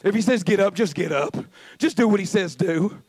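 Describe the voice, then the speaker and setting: A pastor preaching a sermon in a rhythmic, repetitive cadence, telling the story earnestly and emphatically. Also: male voice, high-pitched, normal speed, a little mellow, husky, no echo.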